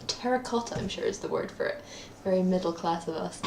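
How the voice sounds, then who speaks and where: A young Scottish woman chats for her daily video diary indoors at her parents' home, rambling, self-deprecating, and full of ums. Her voice is on the low side, fairly quick, and darkish. The audio is reverberant with slight background noise.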